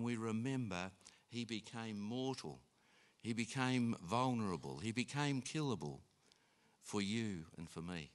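A man preaching a sermon in an unhurried way, with frequent restarts and fillers. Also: medium pitch, a bit bright. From Australia. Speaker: pastor.

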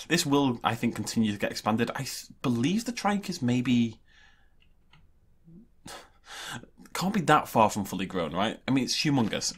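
A man's voice: mid-range voice, very animated, normal speed, long pauses, husky. A young man chatting casually and rambling cheerfully while playing a game. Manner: chatty, rambling, self-amused. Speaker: gaming youtuber. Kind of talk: casual let's-play commentary.

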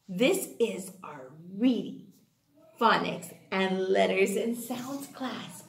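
A woman's voice: mid-range voice, slow pace, creaky. A woman teacher leading a children's phonics class in a cheerful sing-song way, drawing out words as she prompts. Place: indoor room with a fan running. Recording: echoey room with faint fan hum.

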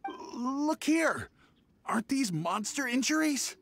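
A man's voice: very high voice, very animated, unhurried, creaky, a bit bright, a little hiss or hum, heavily acted. An actor playing a shifty male treasure hoarder who fakes an injury, evasive and defiant by turns, in game character dialogue. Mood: pleading.

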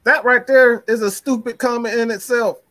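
A man's voice: very high voice, steady tone, moderate pace, fairly bright tone, dry recording. A man co-hosting a sports talk show, ranting bluntly and with plenty of profanity. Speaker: podcast co-host.

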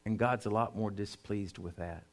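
A man's voice: lowish voice, normal speed. Emphatic man preaching a sermon. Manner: emphatic preaching, swinging between hushed and loud; addresses the congregation directly. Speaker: pastor.

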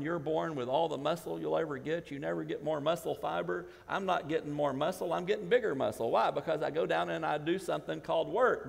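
A male pastor, possibly, preaching a sermon that builds to shouted emphasis. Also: a little high, creaky. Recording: church hall with long reverb.

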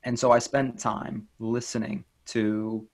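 Earnest low-voiced man, gently encouraging. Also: little pitch movement, slow pace. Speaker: inner child life coach. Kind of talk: interview guest, reflective talk.

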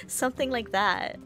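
A woman's voice: sits high, a bit bright. Rambling, giggly woman streamer. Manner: rambling, giggly, sweary, with many restarts. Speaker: game streamer. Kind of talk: casual chat while streaming a game.

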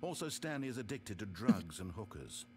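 A man's voice: fairly low pitch, big pitch swings, moderate pace, a little hiss or hum. A man voicing a dry, sardonic narrator in a game, with wry, theatrical, exasperated asides. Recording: game audio with music behind.

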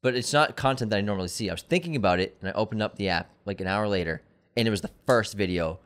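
A man co-hosting a movie podcast in casual, joking banter. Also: fairly low pitch. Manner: joking, quick and lively. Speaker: podcast co-host. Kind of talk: casual chat.

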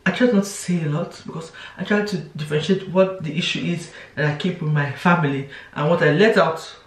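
In a brisk, low-pitched voice, a young female vlogger shares casual confessions to camera. Her sentences often restart and she slips into quoted voices, while the room sound makes her seem far off.

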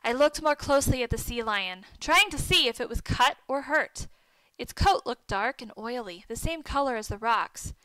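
A woman reading a children's story aloud and giving the characters' lines lively lifts. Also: a little high, normal speed, no echo, poor audio. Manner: reads dialogue with lively lifts for the boys' shouts. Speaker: narrator.

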